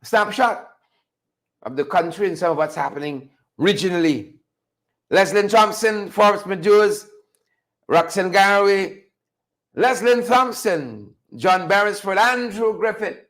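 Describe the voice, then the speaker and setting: A man's voice: high-pitched, unhurried. A man hosting a live-stream show, chatting with viewers and calling them folks. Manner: animated, conversational, addresses viewers as folks. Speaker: host.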